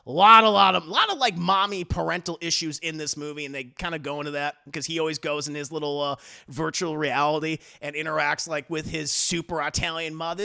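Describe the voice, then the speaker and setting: High gravelly man with a bright voice. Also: a little fast. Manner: animated, profane, mimics characters with put-on voices. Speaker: movie reviewer. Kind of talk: casual spoken review. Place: home streaming setup. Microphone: desk mic on a live stream.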